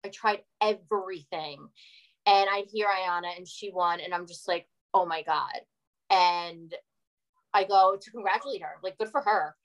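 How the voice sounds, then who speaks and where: A woman in her forties, a podcast guest telling animated stories and swearing freely. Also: on the low side, normal speed, rough recording. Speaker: guest, former reality TV cast member. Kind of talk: casual podcast chat, storytelling.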